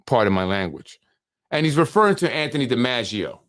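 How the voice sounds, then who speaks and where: A man's voice: mid-range voice, big pitch swings, fairly quick, a bit bright. A man hosting a political podcast, talking casually and reading text messages aloud, with frequent restarts. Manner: conversational, repeats words and restarts, reads messages aloud. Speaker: podcast host.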